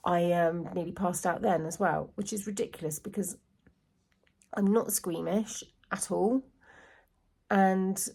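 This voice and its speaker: A woman's voice: fairly low pitch, gravelly, darkish tone, breathy edge. A middle-aged woman telling a rambling story to camera in a casual vlog, laughing often. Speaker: vlogger.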